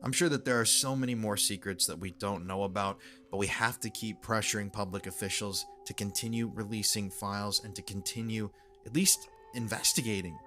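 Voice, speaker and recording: A man's voice: fairly low pitch, fairly quick, sharp tone. A man giving online commentary, reading out emails and reacting to them earnestly.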